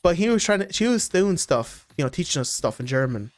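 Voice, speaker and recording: A young Irish man in his twenties telling animated stories in casual chat as a streamer, laughing often. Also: on the high side, a little fast, dry recording, soft background music.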